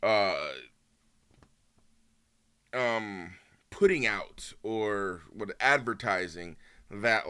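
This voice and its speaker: A man streaming and reacting to a video in a heated, casual rant, swearing often and swinging between loud outbursts and low muttering. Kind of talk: casual ranting commentary.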